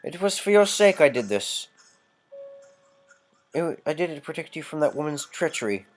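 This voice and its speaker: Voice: mid-range voice, very animated, normal speed, soft background music, voice pushed up, lightly acted. A player voicing a proud sister in a game, reading her lines with haughty theatrics. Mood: justifying. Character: proud older sister defending herself.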